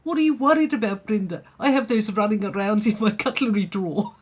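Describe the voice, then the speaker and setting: A woman's voice: medium pitch, brisk, slightly rough, lightly acted. A woman putting on a South African accent to voice a blasé female friend, breezy and dismissive. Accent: attempted South African.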